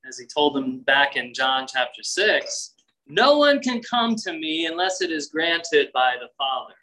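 Man, pastor, sermon, bright clear tone, lively quoted voices. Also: unhurried, rough recording. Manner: expressive, acts out quotes with shifting pitch.

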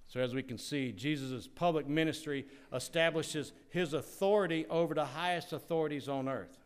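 A male pastor preaching a sermon, swinging dramatically from loud declarations to hushed asides. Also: fairly high pitch, normal speed, clear, resonant tone.

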